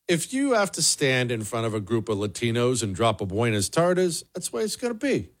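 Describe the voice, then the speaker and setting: A man runs his solo commentary show in a blunt, sarcastic tone. His pitch swings widely as he presses a point. He often repeats himself for emphasis. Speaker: political commentary host.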